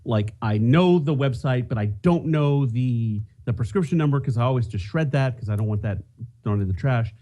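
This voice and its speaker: Lively, animated man telling a story. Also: medium pitch, normal speed. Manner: animated storytelling with self-mocking asides. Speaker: podcast co-host. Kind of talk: casual chat.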